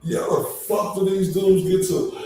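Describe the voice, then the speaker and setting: A man's voice: sits high, little pitch movement, a little slow, warm tone. A man giving angry commentary, cursing heavily and drawn out in his complaints. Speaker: online commentator. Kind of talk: profane ranting commentary. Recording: very echoey room, far from mic, faint noise.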